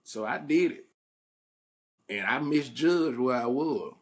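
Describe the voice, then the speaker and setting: A young male podcast host with a mid-range voice takes it slow as he casually shares a story from his childhood. He performs the quoted voices of the people in it with animated flair and chuckles at himself along the way.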